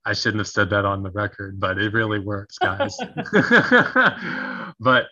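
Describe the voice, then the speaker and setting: Male podcast guest, bright tense voice, slightly low, lo-fi sound, animated delivery. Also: normal speed. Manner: animated, laughs often, acts out sample phrases. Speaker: guest, conflict resolution coach. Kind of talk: casual podcast interview. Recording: dull lo-fi audio.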